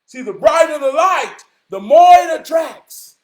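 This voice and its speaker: A man giving a preachy motivational monologue, emphatic and profane, often rising to a shout and slowly repeating key lines for weight. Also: extremely high pitch, expressive. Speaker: motivational vlogger.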